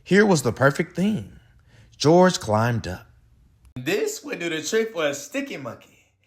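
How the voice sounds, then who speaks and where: A man narrating a children's picture book aloud. His reading is slow and expressive, with a pitch that bounces up and down. He tosses in playful slang asides between the sentences. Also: husky.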